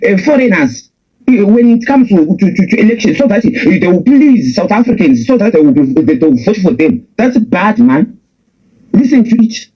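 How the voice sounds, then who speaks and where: A young man with a Zimbabwean accent and a husky, high-pitched voice delivers a heated political rant. His pitch swings widely as he hammers the same points again and again, restarting his sentences as he goes. The recording is dull and lo-fi. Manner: confrontational, repetitive, many restarts. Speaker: political commentator.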